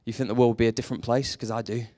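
A man preaching a sermon, telling a story with lively energy and briefly acting out the characters in it. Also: medium pitch, racing. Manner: animated storytelling, acts out quoted characters.

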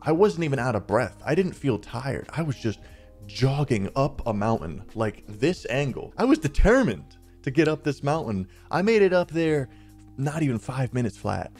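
A man's voice: medium pitch, sing-song, normal speed, a little mellow, soft background music. A man in his twenties, the channel's host, telling a personal story in a chatty, rambling way over gameplay. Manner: chatty, rambling, peppered with "like" and "dude".

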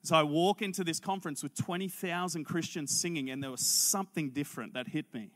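A man preaches a sermon as a lively personal story. His voice sits fairly high and has a forceful brightness. He acts out both sides of the conversation as he goes. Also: fairly quick. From Australia. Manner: animated, acts out dialogue in character voices. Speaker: pastor.

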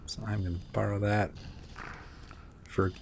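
A man's voice: lowish voice, flat delivery, unhurried, gravelly, a little mellow, a little hiss or hum. A man giving casual, muttering commentary while playing a video game, swearing and talking to himself. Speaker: gameplay commentator. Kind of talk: casual let's-play commentary.

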